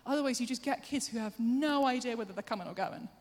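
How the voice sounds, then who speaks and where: A woman preacher giving a sermon, chatty and self-deprecating, with quick asides to the congregation. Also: fairly high pitch, darkish tone. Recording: long hall reverb.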